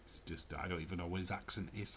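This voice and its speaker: A man hosting a livestream, giving relaxed, chatty commentary and reactions while watching a match. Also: low-pitched, fast, slight background noise. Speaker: livestream host. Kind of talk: casual live match commentary.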